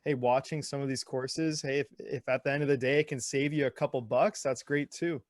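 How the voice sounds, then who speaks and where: A man's voice: mid-range voice, steady tone, fairly quick, no echo, studio quality. A man hosting an interview, chatting casually and agreeably with frequent fillers. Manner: casual, agreeable, lots of fillers like "you know". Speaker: interview host. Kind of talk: conversational interview.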